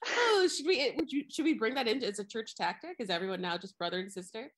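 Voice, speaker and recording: A woman's voice: on the high side, expressive, fast, a bit bright. A young adult woman co-hosting a podcast, talking casually about a film with lots of fillers and frequent laughter. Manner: chatty, many fillers, laughs often. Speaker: podcast co-host.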